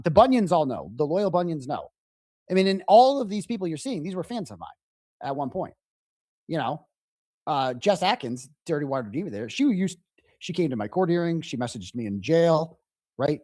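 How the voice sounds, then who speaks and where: Man, livestream host, lively swooping pitch, dry close sound, indignant commentary. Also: normal speed, no room sound. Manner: animated, indignant retelling. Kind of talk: live reaction commentary.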